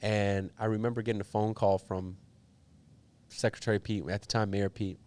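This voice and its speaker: A young man, a politician, telling a personal story in an interview, earnest and animated, with many fillers. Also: on the low side, moderate pace. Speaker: politician guest.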